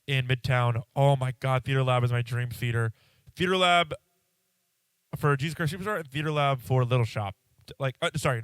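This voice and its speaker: A congested man rambles through a casual solo podcast, breaking off mid-thought and swearing offhandedly. His voice is smooth and resonant, heard close with no room sound. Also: mid-range voice, no echo. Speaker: podcast host.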